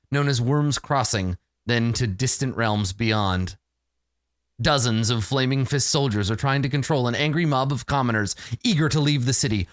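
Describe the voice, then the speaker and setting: A man's voice: on the high side, no echo, clean studio sound. A man running a tabletop game as dungeon master, reading the dramatic scene-setting text aloud. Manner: lively, reads dramatic box text.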